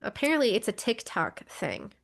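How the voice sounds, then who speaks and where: A woman's voice: mid-range voice, huge pitch swings, normal speed, gravelly. Chatty woman podcast co-host. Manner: conversational, with frequent fillers and restarts. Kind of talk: casual chat.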